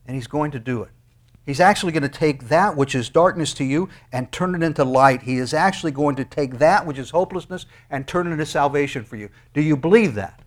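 A man preaching a sermon, moving from quiet, hushed asides to loud, shouted commands. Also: medium pitch, moderate pace. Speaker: pastor.

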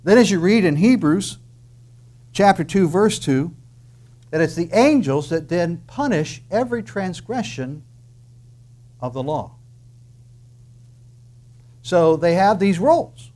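A man preaching a sermon emphatically, asking rhetorical questions and dropping into soft asides. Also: sits high, expressive, slow pace, long pauses. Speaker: pastor.

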